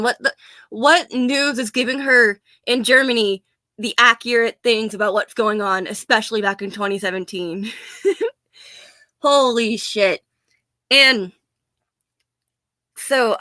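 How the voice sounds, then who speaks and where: A woman's voice: a little high, sharp tone, no room sound. An American woman ranting in a casual vlog, blunt, profane and sarcastic, often laughing. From United States. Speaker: vlogger.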